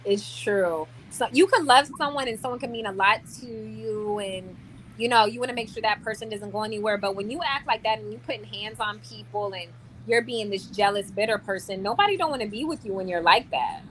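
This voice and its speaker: A young woman speaks straight to her camera in a bright, forceful voice. She rambles in an animated, casual way, starting sentences over and leaning on "like." Faint room ambience sits behind her. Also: medium pitch, fairly quick, slight background noise. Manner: chatty and animated, many likes and restarts. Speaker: vlogger.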